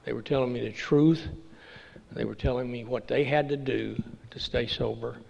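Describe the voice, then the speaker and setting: An older man from Texas giving a halting, folksy personal testimony at a recovery meeting. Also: medium pitch, steady tone, creaky, darkish tone. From Texas, USA. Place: meeting room. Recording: dull lo-fi recording with long hall reverb.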